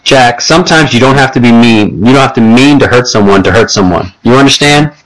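A man's voice: mid-range voice, fairly quick, fairly bright tone, natural voice, low-quality recording. A man voicing a firm, caring woman babysitter who scolds the boys in an audiobook. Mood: earnest.

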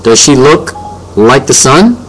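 A man voicing a worried, gossipy suburban mother in an audiobook reading, in a higher, anxious voice. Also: sing-song, slow pace, breathy edge, full character voice, low-quality recording. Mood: concerned. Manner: anxious and fussy.

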